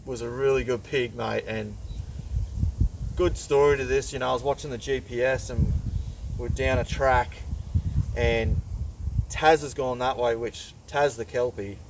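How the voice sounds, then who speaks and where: A man's voice: mid-range voice, fairly even intonation, unhurried, long pauses. A man telling a rambling hunting story in casual slang and chatting to his dogs outdoors. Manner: loose, rambling yarn with laid-back slang. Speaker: pig hunter and channel host. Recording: distant mic outdoors with faint background noise.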